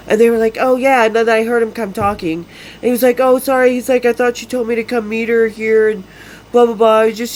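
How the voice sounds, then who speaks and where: A woman in her fifties from Salt Lake City, Utah, hosts a podcast and tells stories casually in a medium-pitched voice. She's blunt, frank and profane and laughs often, on a low-quality recording with slight background noise.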